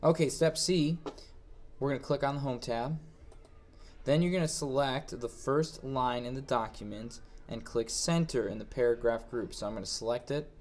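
A man reading each step of a software exercise aloud, then thinking aloud as he walks through it on screen. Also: mid-range voice, moderate pace. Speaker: instructor. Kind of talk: screen-recorded software tutorial.

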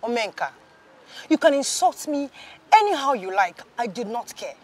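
A woman's voice: a little high, big pitch swings, moderate pace. A Nigerian actress playing a humble young woman pleading to be let in. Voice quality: begging, soft.

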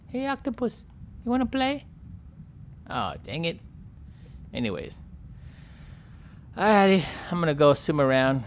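A man's voice: mid-range voice, slight background noise, lightly acted. A man voicing a sulky young male sperm whale who mutters and complains about being teased. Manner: mopey, muttering, self-pitying. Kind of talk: playful game commentary role-play.

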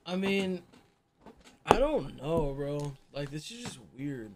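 A man reacting to videos on a live stream, chatting loosely and cursing casually at his viewers. His voice sits high. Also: animated, slow pace, heavy background noise. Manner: casual, slangy, talks to chat.

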